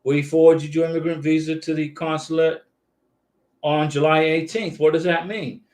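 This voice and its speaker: Speaking in a slightly high voice with a darkish tone, a man hosts a casual visa advice live stream from his home YouTube studio with lights. He reassures the viewers he answers and keeps checking in with "okay?".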